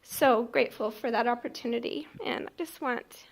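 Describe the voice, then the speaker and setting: A woman who raised a guide dog, giving a tearful, halting speech at a graduation ceremony. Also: on the high side, gravelly. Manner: tearful, soft, halting with many ums. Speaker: puppy raiser. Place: ceremony at a campus.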